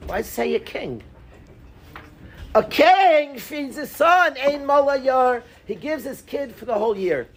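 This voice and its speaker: High-voiced animated rabbi teaching students. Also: male voice, gravelly, a little hiss or hum. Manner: animated, quizzes students by name, mixes in Hebrew and Yiddish terms. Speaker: rabbi teaching a Talmud class. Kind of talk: lively Talmud lesson. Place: synagogue classroom.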